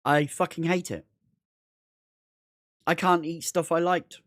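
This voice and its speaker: A man's voice: a little high, steady tone, slow, a bit bright, no room sound. Rambling, foul-mouthed man on a dry mic. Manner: rambling, repetitive, heavy swearing. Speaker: gaming livestreamer. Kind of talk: casual gaming livestream chat.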